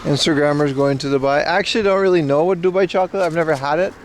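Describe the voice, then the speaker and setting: Brief: young male street streamer, raised pitch, bro-ish profane banter, light traffic noise. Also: quick pace. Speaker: livestream host. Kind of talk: casual live-stream chat. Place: outdoors on a city street. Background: faint street and traffic noise.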